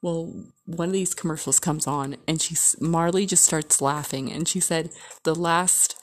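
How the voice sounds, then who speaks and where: Woman vlogger, a bit low-voiced, casual rambling storyteller. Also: fairly even intonation, measured pace. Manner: rambling, chatty, frequent "like" fillers.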